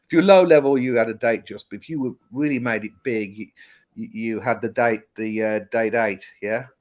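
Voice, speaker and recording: A man's voice: mid-range voice, brisk, lo-fi sound. A middle-aged man from England chatting casually and at length on a live stream about his collection, rambling and laughing often. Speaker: guest watch collector.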